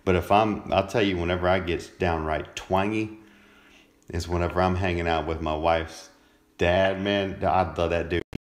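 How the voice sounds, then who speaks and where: A man co-hosting a casual chat, laid-back, laughing often and clearing his throat. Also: low voice, steady tone, normal speed. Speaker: podcast co-host.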